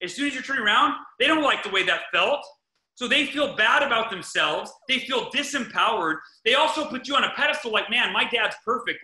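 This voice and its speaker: Speaking at a brisk clip with an extremely high pitch, a man hosting a podcast shares casual parenting advice. He's energetic and emphatic, often repeating and restarting sentences, and the recording has an echoey room sound.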